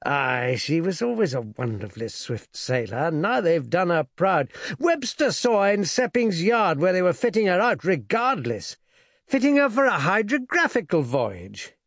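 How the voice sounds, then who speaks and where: A chatty navy lieutenant swaps stories in a lively voice that moves up and down, as a man acts him out. It is a close, dry audiobook reading. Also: sits high, normal speed, no echo, pitched above the performer's own voice, full character voice. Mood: gossipy. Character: chatty male naval lieutenant, fond of gossip.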